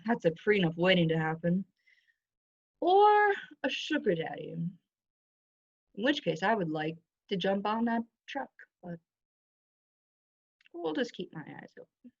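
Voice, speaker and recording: A woman doing a scheming nosy mother with a gravelly voice. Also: dry recording, exaggerated voice. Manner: gossipy, conspiratorial, swooping pitch. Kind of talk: improv comedy scene. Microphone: video call. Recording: dull lo-fi video call audio.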